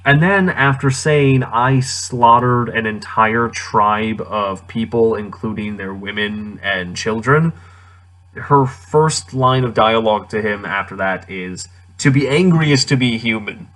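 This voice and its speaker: A man's voice: lowish voice, measured pace, a bit bright. A man giving casual, sarcastic commentary on a movie he just watched, incredulous and laughing often. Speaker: movie reviewer.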